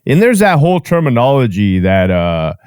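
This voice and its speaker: A man hosts a podcast in casual chat, lively and swearing freely. His mid-range voice moves at a normal speed and sounds clear and resonant, captured in a dry, clean studio recording.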